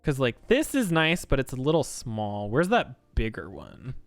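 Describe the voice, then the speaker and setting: A man's voice: medium pitch, wildly swooping pitch, a little slow, dry recording, faint music behind. A man streaming a life-sim game, rambling and thinking aloud with lots of fillers, his voice a little worn from talking long. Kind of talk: casual gameplay commentary.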